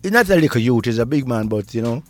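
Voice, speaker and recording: Speaking fast and expressively in a mid-range, slightly mellow voice, an older man with a Jamaican accent, a reggae deejay, looks back on the past in a relaxed interview. He laughs frequently, and faint music sits in the background.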